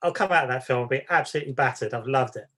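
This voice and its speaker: A man's voice: mid-range voice, rapid-fire, bright, forceful tone. A man co-hosting a podcast, talking casually in a rambling, self-deprecating and wry way. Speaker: podcast co-host. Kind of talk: casual chat.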